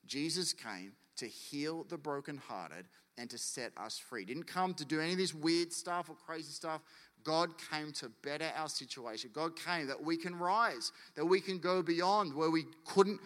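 A man preaching a sermon, animated and acting out quotes and stories. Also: fairly high pitch, moderate pace. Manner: animated, acts out quotes and anecdotes. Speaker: pastor. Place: church hall. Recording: long church hall reverb.

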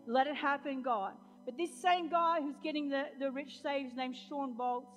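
High-voiced woman preaching in an echoing hall. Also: moderate pace. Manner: preaching, swinging from loud proclamation to chatty storytelling. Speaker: pastor. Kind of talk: sermon. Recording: long hall reverb, faint music.

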